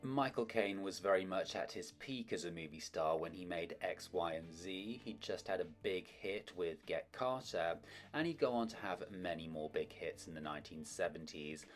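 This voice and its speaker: A man's voice: deep voice, lively intonation, moderate pace, soft background music. A man hosting a film history video, reading a script with wry, opinionated asides. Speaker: host of a film history channel.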